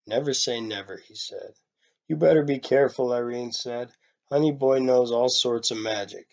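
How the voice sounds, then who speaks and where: A man reading a short story aloud, in a plain, low-key way, giving the characters' lines some life. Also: normal speed, gravelly, muffled recording. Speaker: reader.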